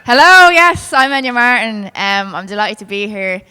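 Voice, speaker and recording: A Dublin woman doing stand-up, her voice bright and smooth and slightly high. She chats along with plenty of fillers and slang, and a long club reverb trails behind her. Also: expressive, normal speed. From Ireland. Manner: chatty, with frequent fillers and broad vernacular. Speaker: stand-up comedian. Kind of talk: stand-up comedy set.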